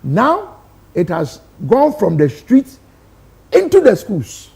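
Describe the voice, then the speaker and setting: Emphatic Ghanaian man with a gravelly voice. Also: high-pitched, wildly swooping pitch, takes it slowly, a little mellow. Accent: Ghanaian English. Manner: emphatic, rhetorical questions. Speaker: studio guest. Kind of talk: impassioned studio debate.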